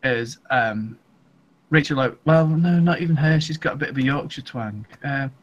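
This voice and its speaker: A man's voice: medium pitch, moderate pace, lo-fi sound. A man chatting casually in a group talk, hesitant and full of restarts. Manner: hesitant, lots of ums and restarts. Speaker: podcast co-host. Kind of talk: casual group chat over a call.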